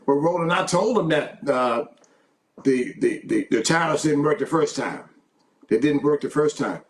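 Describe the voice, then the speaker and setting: A man speaking as a farmer guest in an interview, plainspoken and halting. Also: on the high side, animated, slight background noise.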